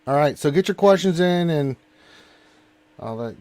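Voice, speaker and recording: A man's voice: on the high side, expressive, a little slow, darkish tone, dry recording. Distracted man hosting a gaming stream. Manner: distracted, exclaiming while playing a game. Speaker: live stream host. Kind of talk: casual gaming stream chat.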